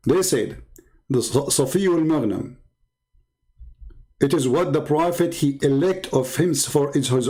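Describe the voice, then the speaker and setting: A man's voice: mid-range voice, mellow, low-quality recording. A man arguing heatedly on a live stream, reading out and translating source texts and firing rhetorical questions. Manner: combative, fires rhetorical questions. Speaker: live-stream religious debater.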